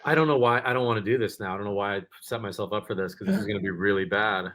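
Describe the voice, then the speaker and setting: A man's voice: lowish voice, fairly even intonation, racing, fairly bright tone, a little hiss or hum. American actor guy rambling a bit, hesitant but eager. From United States. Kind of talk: casual conversation.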